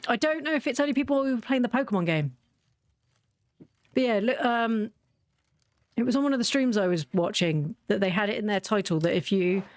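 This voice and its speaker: A woman chats casually on a livestream and rambles through anecdotes. She sounds loose and talkative, speaking at an everyday pitch. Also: dry recording, studio quality. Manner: rambling, chatty storyteller. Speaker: streamer.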